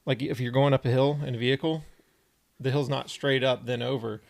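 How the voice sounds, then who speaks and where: A young podcast co-host tells a story in a laid-back, easygoing chat, his medium-pitched voice steady, brisk, and a bit creaky.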